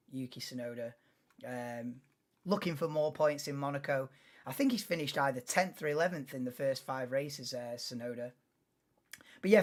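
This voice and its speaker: A man with a fairly bright voice on the high side hosts a live race watchalong. He talks casually and rambles, using many fillers and restarts.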